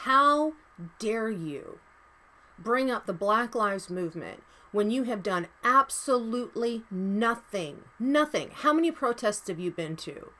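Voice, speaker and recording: A woman's voice: medium pitch, fairly bright tone. A woman vlogger delivering a heated, profane commentary rant with angry emphasis.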